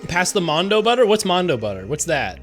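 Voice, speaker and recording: A young man streaming a game live, reacting to chat with loud, profane disbelief. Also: high-pitched, brisk, faint music behind. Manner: animated, incredulous and profane, talking straight to chat. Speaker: Twitch streamer. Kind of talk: live gameplay commentary.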